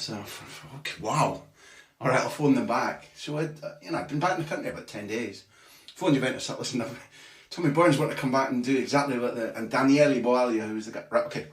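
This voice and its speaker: A man who is a football journalist guest, telling a long anecdote in a lively way with casual swearing. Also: mid-range voice. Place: tiny bathroom. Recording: echoey small bathroom.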